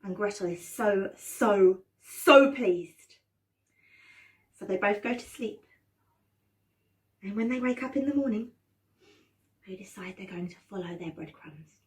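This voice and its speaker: A woman drama teacher telling a children's story with animated expression and dramatic gasps, prompting her class to join in. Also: medium pitch, measured pace, pauses often, distant mic.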